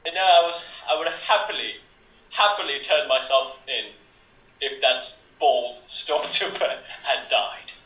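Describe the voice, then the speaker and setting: A man playing improv, joking loudly, on an echoey distant mic. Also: medium pitch, lively intonation, unhurried, muffled recording. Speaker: improv player.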